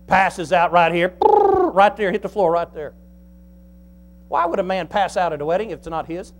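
A man preaching a sermon in a folksy, animated way, swinging between soft asides and loud emphasis. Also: high-pitched, normal speed. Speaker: pastor.

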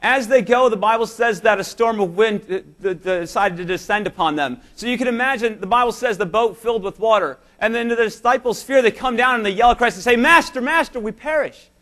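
A man with a notably high voice delivers a church sermon. He preaches emphatically and illustrates his points with stories told straight to the congregation. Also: fast, hardly any pauses, fairly bright tone. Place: church service.

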